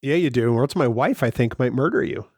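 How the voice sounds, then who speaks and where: A man's voice: medium pitch, fast, dry recording. A man co-hosting a podcast, reading a sponsor spot and trading dry teasing banter. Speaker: podcast co-host. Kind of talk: casual chat and sponsor read.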